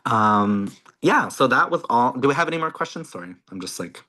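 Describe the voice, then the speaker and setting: A Canadian man, a content creator speaking as a guest, chatting casually and excitedly on a video call, full of "like" and "you guys". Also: medium pitch, brisk.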